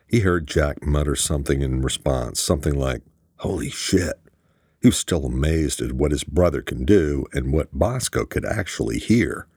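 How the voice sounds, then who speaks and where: A man narrating an audiobook in a steady storytelling manner. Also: rumbling low, moderate pace, hardly any pauses, husky, no room sound, studio quality. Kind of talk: scripted narration.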